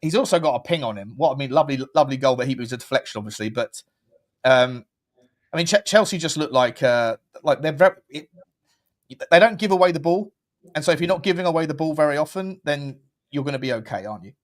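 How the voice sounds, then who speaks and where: Lively man chatting football. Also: a little high. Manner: quick, animated, loose filler-heavy talk. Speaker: co-host. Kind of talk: casual football chat.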